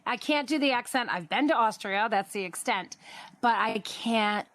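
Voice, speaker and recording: A woman's voice: fairly high pitch, normal speed, fairly bright tone. A woman comedy panelist chatting casually, stammering at times, and encouraging others. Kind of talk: casual chat.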